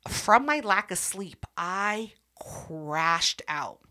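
A young woman with a bright, ringing voice tells a story on a casual podcast. She is animated and swears freely. When she quotes herself she jumps up into a high squeal. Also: very slow. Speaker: podcast co-host.

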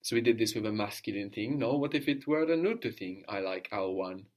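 A man teaching a one-on-one language lesson, patiently prompting his student and slowly repeating the answers. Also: lowish voice, expressive.

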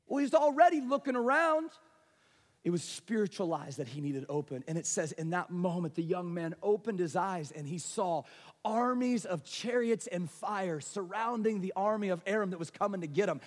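A man preaching a passionate sermon, shifting between hushed, quiet moments and raised, urgent delivery. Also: high-pitched, normal speed. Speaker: pastor. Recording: reverberant hall.

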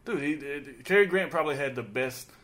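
A man's voice: medium pitch, a little fast, fairly bright tone. A man in a casual comedy chat, eagerly recommending old films. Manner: enthusiastic film recommending.

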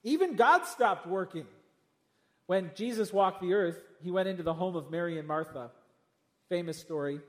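A man preaching a sermon to a congregation, animated, with rhetorical questions and humorous asides. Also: high voice, normal speed. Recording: long hall reverb.

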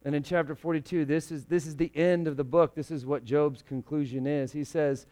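A young man preaching to a congregation, his voice sitting a little on the high side. He presses hard on key lines, then drops to a hushed, intimate tone. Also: normal speed, few pauses. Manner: animated, swings from loud emphasis to hushed. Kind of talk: sermon.

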